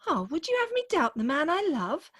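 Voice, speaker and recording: A woman's voice: sits high, huge pitch swings, fairly quick, fairly bright tone, full character voice. A woman playing a weepy, melodramatic young bride. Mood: earnest. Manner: wailing, melodramatic. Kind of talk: Zoom radio play acting.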